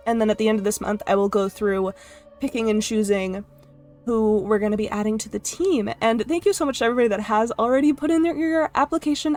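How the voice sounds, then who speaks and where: Giggly high-voiced young woman streamer. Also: darkish tone. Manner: chatty and giggly, coos at her dog. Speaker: livestreamer. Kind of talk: casual stream chat. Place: her room at home.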